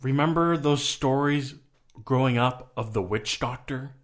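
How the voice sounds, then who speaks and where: Slow-talking man playing a tabletop game. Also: medium pitch. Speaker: player.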